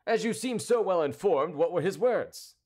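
A man's voice: mid-range voice, big pitch swings, normal speed. A man voicing a proud, hot-tempered middle-aged cavalier who speaks haughtily and impatiently, pushing his voice up.

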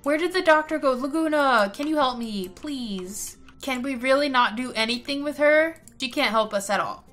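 An impatient pregnant vampire girl, as a woman puts her on, pleading in an exasperated way to be seen at last. The voice sits high and sounds bright and clear. Her performer barely shifts from her own talking voice. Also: moderate pace, hardly any pauses, faint music behind.

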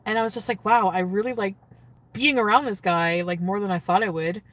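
A woman's voice: medium pitch, fairly even intonation, fairly quick, a bit bright, far from the mic. A woman chatting on a phone livestream from a parked car, giddy and gushing, reading and answering her chat.

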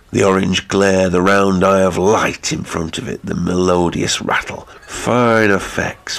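A man's voice: deep voice, vocal fry, full character voice. A man voicing a menacing, jealous ironworks master. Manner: forceful, abrupt, suddenly talkative. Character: jealous domineering male ironworks owner, menacing.

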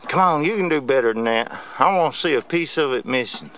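A man's voice: medium pitch, expressive, fast, fairly bright tone. A man, vlogging outdoors in a yard. He gives playful, teasing commentary in a sing-song, taunting way. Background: insects and crickets.

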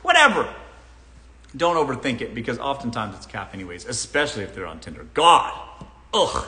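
Blunt, lively man with a bright voice. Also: medium pitch, a little fast. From Los Angeles. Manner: blunt, profane, animated. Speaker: dating advice host. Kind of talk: live Q&A, casual advice. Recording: roomy echo.

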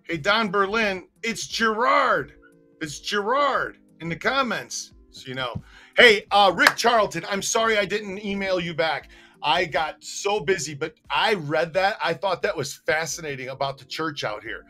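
A man's voice: high voice, animated, a little slow, bright, forceful tone, soft background music. A man hosting a live stream, chatting and reading viewer comments aloud, often stumbling over names. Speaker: host.

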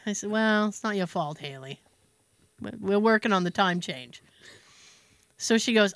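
A woman's voice: medium pitch, moderate pace, long pauses, fairly bright tone, no room sound. An American woman co-hosting a podcast, telling a story in a casual chat and acting out both sides of a phone call. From United States. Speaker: podcast co-host.

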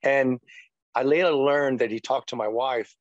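A middle-aged man, once a pastor, tells his testimony in an earnest, meandering way, leaning on "you know" between thoughts. His pitch sits in an ordinary male middle range. The sound is dry and dull, like a lo-fi recording. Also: steady tone, moderate pace, no echo. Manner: earnest, rambling storyteller full of "you know". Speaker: retired pastor, interview guest. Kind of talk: personal testimony in a podcast interview.

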